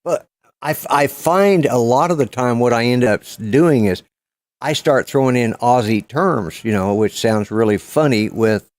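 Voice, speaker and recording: A man's voice: medium pitch, normal speed, darkish tone, no room sound. A man in his sixties from Colorado with an Oklahoma-tinged Southern American accent, hosting a live stream and telling long rambling stories with casual swearing. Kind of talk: casual chat.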